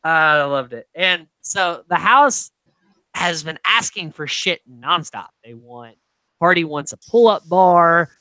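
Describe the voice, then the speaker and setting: A young woman co-hosting a casual podcast, recapping a reality show with animated storytelling, acting out quotes, laughing and swearing freely. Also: fairly low pitch, takes it slowly, no echo, low-quality recording. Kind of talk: casual chat.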